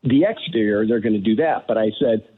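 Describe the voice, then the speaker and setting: A man calling in to a radio advice show, halting and repeating himself. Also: lowish voice, slightly rough. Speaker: caller. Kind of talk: phone-in call. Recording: tinny phone line.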